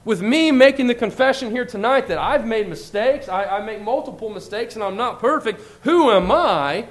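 In an animated sermon, a man teaches a church lesson earnestly and emphatically. He takes scripture slowly and deliberately, and his voice jumps higher when he speaks other people's lines.

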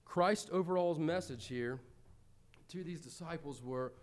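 A middle-aged American man preaching a sermon, earnest, moving between loud pleading and quiet reflection. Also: fairly high pitch, measured pace.

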